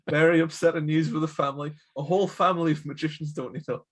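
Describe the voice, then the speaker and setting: Male guest, husky voice, playful and laughing in casual film chat. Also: a little high, fairly even intonation, brisk. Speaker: podcast guest.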